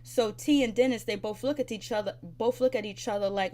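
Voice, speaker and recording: A woman casually retelling a TV episode, chatty and loose, with many fillers and quick quoted lines from the characters. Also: a little high, mellow. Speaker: TV episode reviewer.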